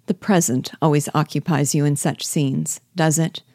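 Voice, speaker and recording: A proud, reserved gentleman, as a woman reads him, grave and cool in his replies. The voice is low and warm, the sound dry. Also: steady tone, normal speed, no room sound.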